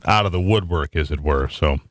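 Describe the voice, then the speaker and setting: An American man hosts a talk radio show, delivering a rambling monologue full of restarts and fillers. His voice is very deep and his pace is brisk.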